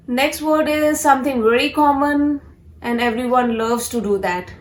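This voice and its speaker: Slow, deliberate woman. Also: fairly high pitch, echoey room, low-quality recording. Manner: slow and deliberate, repeating words for practice. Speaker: English pronunciation teacher. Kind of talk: pronunciation lesson.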